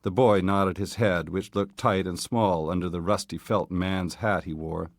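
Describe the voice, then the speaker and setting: A man with a fairly low voice reads a literary short story in a steady, measured way. The sound is close and dry, with no room around it. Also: no echo. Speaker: audiobook reader.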